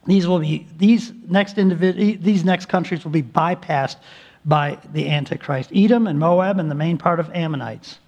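Male pastor, high voice, sermon, slow emphatic stresses, frequent restarts.

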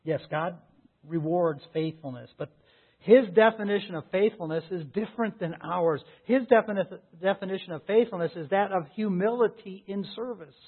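A man's voice: high-pitched, moderate pace, slightly rough. A man preaching a sermon as a pastor, earnest and full of rhetorical questions. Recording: tinny phone-like sound.

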